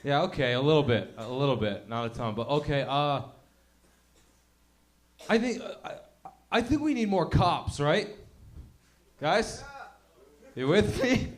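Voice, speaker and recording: A man doing stand-up in a club, loose and halting, teasing the crowd between bits. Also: fairly high pitch. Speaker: guest comedian. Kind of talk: stand-up comedy. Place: comedy club stage.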